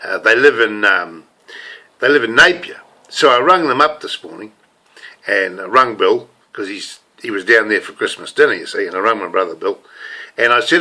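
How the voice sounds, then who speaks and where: A man's voice: lowish voice, lively intonation, moderate pace, bright, forceful tone. An older man with a New Zealand accent, talking to camera in a rambling, casual monologue full of restarts. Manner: rambling, many restarts and fillers. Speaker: self-styled preacher and video blogger.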